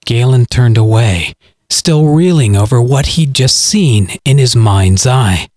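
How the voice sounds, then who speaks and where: Expressive male storyteller, slightly husky. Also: medium pitch, takes it slowly, dry recording, clean studio sound. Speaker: podcast author and narrator. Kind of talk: scripted dramatic narration.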